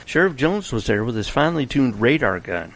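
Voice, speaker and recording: A man narrating a storybook in a steady, wry manner. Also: medium pitch, fairly quick, poor audio.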